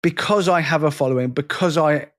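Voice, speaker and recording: A man's voice: fairly high pitch, brisk. Emphatic man venting on a podcast. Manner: emphatic, venting frustration at length. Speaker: podcast co-host. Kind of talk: casual podcast conversation.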